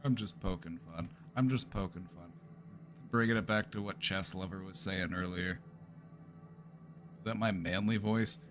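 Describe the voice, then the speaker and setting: A man's voice: deep voice, moderate pace, pauses often, over music. A therapist chatting casually on a livestream, playful and easygoing, often repeating his phrases and laughing. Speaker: therapist streamer.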